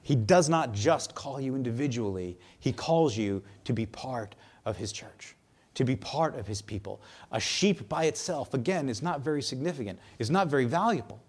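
A man preaching a sermon in a conversational, animated way, sometimes acting out the voices he quotes. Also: medium pitch, normal speed, breathy edge. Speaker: pastor.

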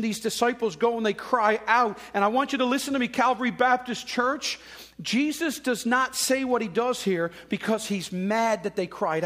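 Male preacher, high-pitched, chatty sermon delivery with acted-out quotes. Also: fairly bright tone. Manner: conversational preaching with dramatic quoted voices. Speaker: pastor.

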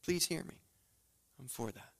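A middle-aged pastor with a bright, forceful voice that sits a touch high for a man. He preaches in a conversational way, speaking directly to the congregation and moving from near-whispered asides to ringing, emphatic lines. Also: expressive, measured pace, gravelly. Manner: swings from hushed asides to loud, emphatic declarations. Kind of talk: sermon.

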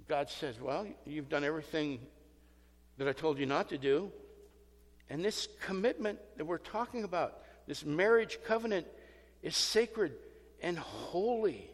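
Bright-voiced preacher in a reverberant hall. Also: male voice, high voice. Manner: animated, rising to emphatic peaks, with self-deprecating asides. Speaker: pastor. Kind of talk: sermon.

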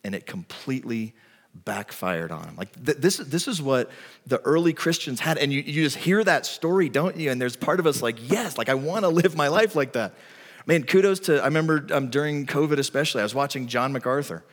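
A man's voice: medium pitch, lively intonation, fairly quick. Conversational male pastor in a reverberant hall. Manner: conversational, storytelling delivery. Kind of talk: sermon. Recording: long reverb of a large hall.

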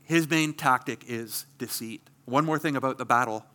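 A man's voice: medium pitch, moderate pace, sharp tone. A middle-aged man preaching a sermon as pastor, earnest and emphatic, asking rhetorical questions.

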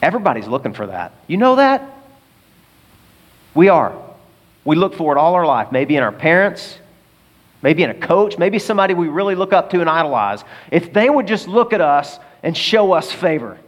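A man preaching a sermon as pastor, emphatic, asking the congregation rhetorical questions and swinging between loud bursts and quiet asides. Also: fairly high pitch, sing-song, brisk. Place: large auditorium. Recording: long hall reverb.

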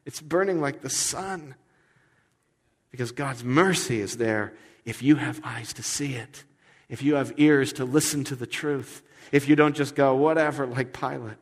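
A man preaching a sermon as pastor, conversational, with his voice swinging between loud and hushed. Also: mid-range voice, slightly rough. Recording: long hall reverb.

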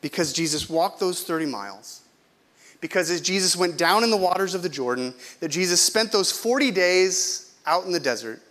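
A man's voice: high-pitched, animated, moderate pace, fairly bright tone. A middle-aged male pastor from California preaching a sermon in a conversational, self-deprecating way, often asking the congregation questions.

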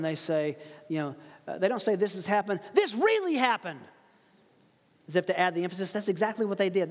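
A high-pitched man preaching through a passage with lively emphasis and frequent laughter. His voice rings with the long reverb of a large hall. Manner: animated, laughs often, emphatic quotes. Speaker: pastor. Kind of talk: expository sermon.

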